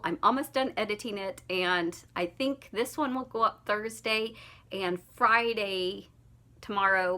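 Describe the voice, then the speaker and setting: A woman's voice: mid-range voice, bright, forceful tone. A young woman chatting through an unboxing vlog, gushing and laughing often. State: slightly out of breath after walking dog. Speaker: vlogger.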